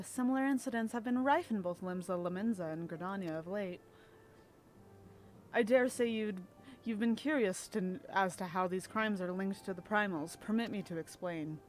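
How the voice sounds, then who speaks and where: A woman reading the lines of a composed, gracious female leader in a measured, earnest way, close to her own voice. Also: mid-range voice, slight background noise, natural voice.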